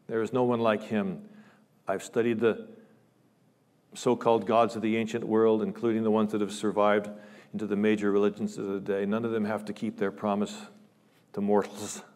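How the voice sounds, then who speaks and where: A man preaching a sermon in a large church, speaking with passion, his voice rising loud on scripture quotes and falling to hushed asides. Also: lowish voice, little pitch movement, normal speed. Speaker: guest preacher. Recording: long church reverb.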